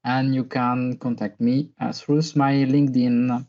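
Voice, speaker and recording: A man from France presents at a virtual conference in a mid-pitched voice. He talks slowly and hesitantly, filling pauses with "uh" and "um". The audio has the slightly muffled sound of a video call. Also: flat delivery, dark tone. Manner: hesitant, with many fillers. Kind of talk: online conference talk.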